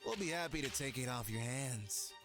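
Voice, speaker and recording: An actor playing a greedy, swaggering bandit leader in a video game, gloating and taunting. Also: male voice, mid-range voice, animated, moderate pace, fairly bright tone, soft background music.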